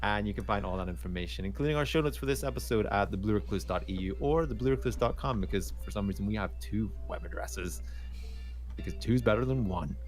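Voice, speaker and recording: Casting: a lower-voiced man, casual podcast co-host, faint music behind. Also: fast, darkish tone. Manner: lists contact details with light jokes.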